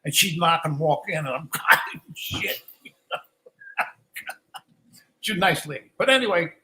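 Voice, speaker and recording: A man's voice: on the high side, lively intonation, measured pace, bright, forceful tone, low-quality recording. An older man, a guest musician, telling rambling stories in a casual live Q&A. He restarts his sentences often and acts out quoted lines.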